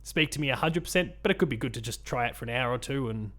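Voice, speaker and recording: With an animated, fast delivery and a sharp tone, a medium-pitched Australian man co-hosts a casual podcast. He's rambling and full of ums and restarts, laughing often along the way.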